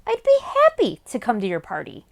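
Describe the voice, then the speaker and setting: A woman's voice: a little high, wildly swooping pitch, brisk, creaky, pitched below the performer's own voice, exaggerated voice. A woman voicing a frightened young boy on the run, with a trembling, panicky way of talking. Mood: scared.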